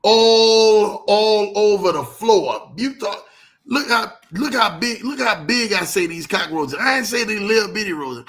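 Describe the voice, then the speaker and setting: A man hosting a casual livestream, animated, greeting viewers by name and telling stories in loose slang. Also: high-pitched, normal speed. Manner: animated, reads out viewer comments, Southern US slang. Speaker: livestream host.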